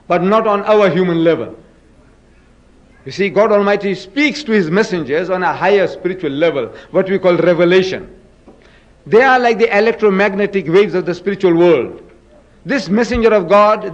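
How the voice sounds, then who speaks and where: A high-voiced man speaks at normal speed on a recording with the highs cut off. As a speaker in a religious debate, he lectures emphatically, pressing the audience with rhetorical questions and dramatically enacting scripture quotes.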